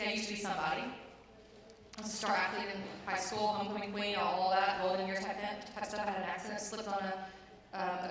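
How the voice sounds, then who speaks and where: A woman's voice: mid-range voice, fairly bright tone, slight background noise. A woman in her thirties telling a personal story, acting out her own lines with rising intensity. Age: 30s. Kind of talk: personal story told to an audience. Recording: very echoey room, distant mic.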